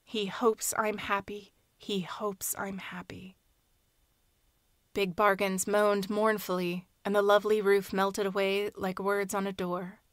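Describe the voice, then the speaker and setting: A woman narrating a short story aloud in a soft, hushed, measured reading. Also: mid-range voice, flat delivery, smooth, no room sound, clean studio sound. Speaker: audiobook narrator. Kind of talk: scripted fiction narration.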